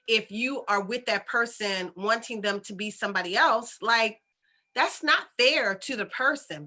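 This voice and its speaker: Woman with a bright voice, chatty spiritual advice vlog, keeps asking "okay?" and repeating herself. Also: medium pitch. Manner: chatty, repeats phrases, checks in with listeners. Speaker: intuitive healer and channel host. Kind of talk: casual spiritual advice talk.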